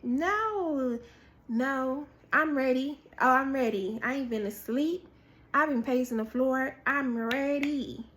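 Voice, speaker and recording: A woman preaching a prophetic word in sermon style. She tells an animated story, acts out what people said, and repeats key phrases for emphasis. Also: high voice, unhurried. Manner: animated storytelling with acted-out quotes, repetition for emphasis.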